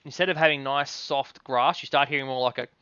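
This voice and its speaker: A man runs a tabletop game in a relaxed voice, his tone very bright and crisp. He narrates haltingly, with many fillers, and the recording sounds dry and a little dull. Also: mid-range voice, no room sound. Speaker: game master.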